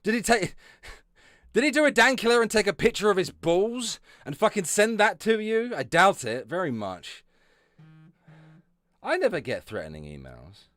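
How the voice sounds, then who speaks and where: A man's voice: high voice, very animated, normal speed, a bit bright, no room sound. A man streaming live, giving sarcastic, heavily profane commentary, often breaking into laughter. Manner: sarcastic, swears constantly, often laughs and trails off.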